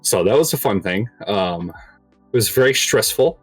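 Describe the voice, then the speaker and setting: A man's voice: fairly low pitch, lively intonation, moderate pace, slightly rough, faint music behind. A young man casually telling a long story on a podcast, rambling with lots of filler words and laughing at his own tale. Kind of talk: casual chat.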